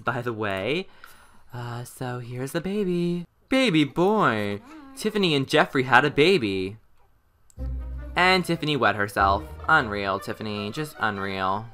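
A man's voice: medium pitch, sharp tone, smooth. A man hosting a let's play, giving exasperated, sarcastic running commentary as he plays. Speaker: gaming channel host.

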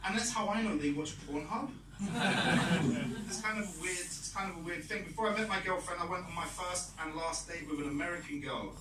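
A man's voice: sits high, normal speed, noisy background. A young British man doing a stand-up comedy set, rambling and self-mocking, acting out quoted dialogue. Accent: British English. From Britain. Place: comedy club stage. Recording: roomy club sound from a distance. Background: audience laughter.

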